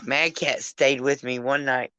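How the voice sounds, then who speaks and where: A woman's voice: very deep voice, fairly even intonation, unhurried, a bit bright, clear, resonant tone, no room sound. A drunk woman hosting a casual live chat, rambling, affectionate and crude as she calls on her friends. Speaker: live stream host.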